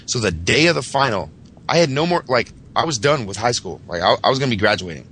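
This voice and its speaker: A man's voice: on the low side, animated, fast, a bit bright, slight background noise. A man from Massachusetts, a podcast host, telling a boastful, profane story in casual chat.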